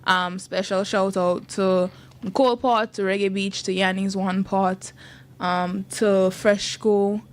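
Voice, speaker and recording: A woman with a medium-pitched, steady voice speaks slowly. She's a youth group leader chatting in a radio studio, upbeat and laughing as she casually promotes an event.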